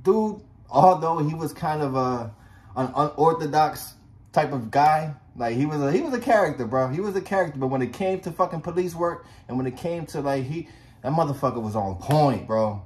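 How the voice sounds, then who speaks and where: A young man, once a police officer, talks in a raw, unfiltered way, full of swearing and street slang. His voice sits a little high for a man. He tells his story plainly and bluntly, as a casual video monologue. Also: expressive, moderate pace, darkish tone.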